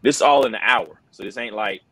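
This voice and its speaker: A man's voice: on the low side, fairly quick, fairly bright tone, husky, dry recording, low-quality recording. A middle-aged man, a wrestling commentator, telling a story in an earnest, loose way, often saying "bro" and "man". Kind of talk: casual interview storytelling.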